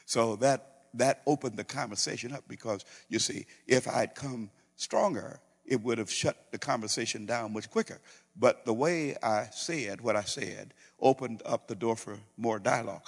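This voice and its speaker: Gravelly-voiced man preaching in a big hall. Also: mid-range voice. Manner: storytelling, acting out dialogue, many restarts. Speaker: pastor. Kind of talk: sermon. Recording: reverberant hall.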